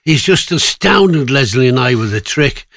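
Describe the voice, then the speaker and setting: A man's voice: medium pitch, animated, moderate pace, vocal fry, a bit bright, no echo. A man presenting a casual radio show, chatty and self-mocking. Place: radio studio.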